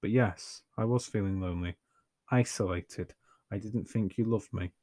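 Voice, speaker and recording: Give me a man doing a subdued, apologetic young man, low and soft. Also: normal speed, no room sound, clean studio sound, natural voice. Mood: sheepish. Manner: quiet, sheepish, flat.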